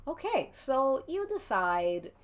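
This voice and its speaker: A woman's voice: high-pitched, sing-song, slow pace. A woman narrating a tabletop-style role-play game as game master, chatty and giggly.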